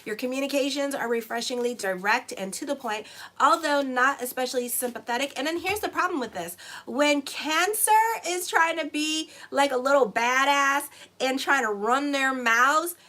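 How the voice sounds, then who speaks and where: A woman's voice: high voice, normal speed, bright, forceful tone. A woman astrologer giving a casual, blunt horoscope reading with swearing and rambling digressions. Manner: chatty, blunt, swears freely, digresses into stories. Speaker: astrologer and tarot reader.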